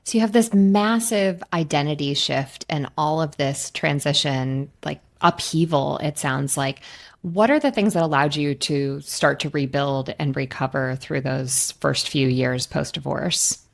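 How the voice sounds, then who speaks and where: A woman hosting a podcast interview, asking slow, reflective questions. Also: deep voice, vocal fry. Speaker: podcast host. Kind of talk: interview questions and brief backchannels.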